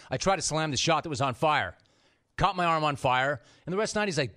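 Brash guy on sports talk radio, bright punchy voice, kinda high, does voices for his buddies. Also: animated, fast talker. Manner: brash storytelling with voiced impressions of friends. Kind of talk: animated sports talk monologue.

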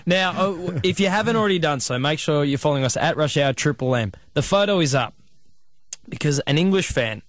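An Australian man hosts a drive-time sports radio show, reading headlines and plugs briskly. His voice sits a little high for a man. The studio sound is dry and close. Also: animated, no room sound. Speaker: radio host. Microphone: studio microphone.

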